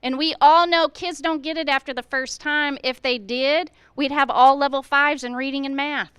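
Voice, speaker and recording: A woman's voice: high voice, fairly even intonation, moderate pace, fairly bright tone, no echo. A middle-aged woman, a school administrator, speaking earnestly to fellow educators at a staff meeting, firing off rhetorical questions and acting out how teachers should talk to students.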